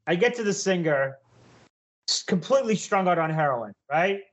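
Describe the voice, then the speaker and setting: A man with a high-pitched voice spins a wild story on a podcast, animated and full of swearing. He breaks into loud shouted impressions of himself when he quotes his own reactions. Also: moderate pace. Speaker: podcast co-host. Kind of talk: casual storytelling chat.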